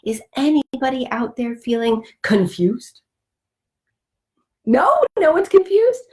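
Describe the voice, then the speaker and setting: A young woman hosting a children's story time, speaking in a slow, sing-song, exaggerated way for young kids. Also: high voice, sing-song, a little mellow. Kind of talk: children's sing-along lesson.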